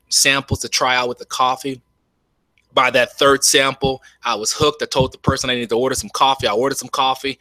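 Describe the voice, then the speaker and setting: An eager man talks straight into his webcam in a bright, forceful voice. He keeps calling out "you all" in a folksy, animated sales pitch. The sound is dry and close. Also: no echo. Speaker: network marketing presenter. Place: home.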